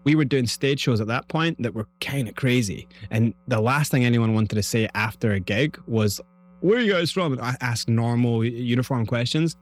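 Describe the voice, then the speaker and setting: A man's voice: medium pitch, fairly even intonation, moderate pace, hardly any pauses. Scottish man telling a story. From Scotland. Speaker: guest. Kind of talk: storytelling interview.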